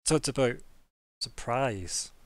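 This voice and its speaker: A man's voice: medium pitch, slow, dry recording. A man narrating a tabletop game as game master, rambling with many fillers.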